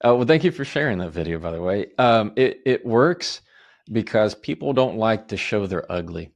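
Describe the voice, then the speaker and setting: A man, an attorney and author, calmly explaining communication advice on a podcast in a measured, step-by-step way. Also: on the low side. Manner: calm, measured, lists steps and gives example phrases.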